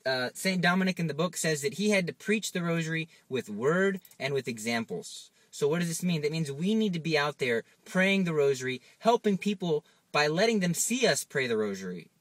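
A man's voice: a little high, lively intonation, fairly quick, hardly any pauses, dry recording. A man preaching an informal sermon, urging his listeners with urgent exhortation and little acted-out dialogues. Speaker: Catholic preacher.

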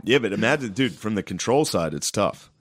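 Casting: a low-pitched man, very expressive, dry close sound. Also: a little fast, no echo. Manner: lively, profane storytelling. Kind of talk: casual chat.

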